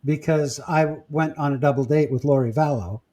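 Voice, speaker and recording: A man podcast host in casual chat, telling stories with halting restarts and fillers. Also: a little high, dark tone. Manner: storytelling, halting with repeats and fillers.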